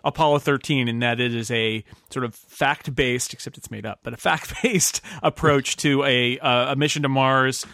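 A man's voice: medium pitch, fairly even intonation, gravelly, pushed and bright, no echo, clean studio sound. A man hosting a casual book club podcast, talking in a rambling way with many restarts. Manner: rambling, halting, laughs often. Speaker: podcast host.

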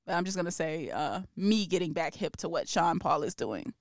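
A woman's voice: on the low side, animated, no room sound, clean studio sound. A woman co-hosting a hip-hop news podcast, chatting casually with a laid-back manner and easy laughs. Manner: laid-back, laughs easily, drawn-out fillers. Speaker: podcast co-host.

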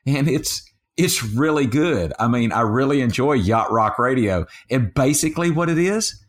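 A man in a relaxed podcast chat, talking at a middle pitch. He wanders off track and corrects himself mid-sentence, in an easygoing, conversational way. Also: normal speed. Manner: rambling, self-correcting storyteller. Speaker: podcast co-host. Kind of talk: casual chat.

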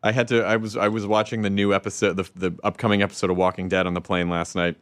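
A man from the American South hosting a casual interview, animated and playful. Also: low-pitched, fast talker, no echo. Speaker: host. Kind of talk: casual chat.

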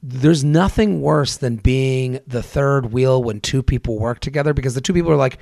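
A man hosting a comedy podcast, telling animated stories in casual, swearing chat. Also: medium pitch, moderate pace, vocal fry, dry recording, clean studio sound. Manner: animated storytelling, swearing, acting out quotes. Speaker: podcast host.

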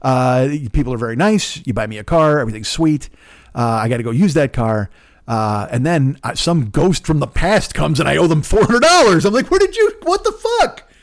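A man in his fifties talks alone into his podcast mic, smooth-voiced and loose. He swears constantly and wanders from tangent to tangent with sarcastic, animated asides. His pitch sits right in the middle. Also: moderate pace. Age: 50s. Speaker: podcast host. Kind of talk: casual rambling monologue.

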